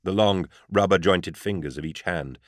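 Man, very low voice, dry close sound, grave measured first-person audiobook narration. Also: no room sound.

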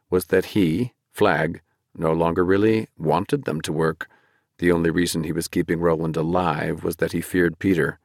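A man narrating a dark fantasy audiobook in a measured, dramatic storytelling manner. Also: sits low, dry recording, studio quality.

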